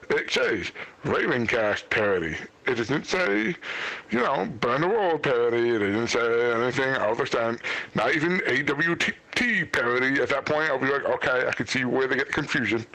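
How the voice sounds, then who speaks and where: A man with an ordinary mid-pitched voice talking on a podcast, repeating his words as he starts and sounding exasperated. The recording is dry and close. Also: normal speed, bright, forceful tone, no echo, rough recording. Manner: stammering, exasperated, rambling. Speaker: podcast guest. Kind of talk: casual podcast chat.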